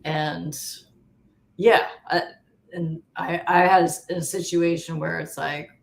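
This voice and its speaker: A woman guest in a casual panel chat, speaking in a hesitant, thoughtful way with many pauses and fillers. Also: on the low side, level tone, gravelly. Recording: roomy echo.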